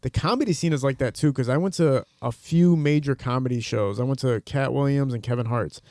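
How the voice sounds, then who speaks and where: A man's voice: medium pitch, a little fast, a little mellow, no room sound, clean studio sound. A man hosting a podcast, talking in a laid-back, conversational way and asking his guest questions. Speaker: podcast host. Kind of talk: casual podcast interview.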